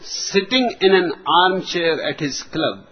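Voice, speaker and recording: A man giving a spiritual discourse as a teacher, speaking slowly and deliberately with long pauses. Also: high voice, expressive. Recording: dull lo-fi recording.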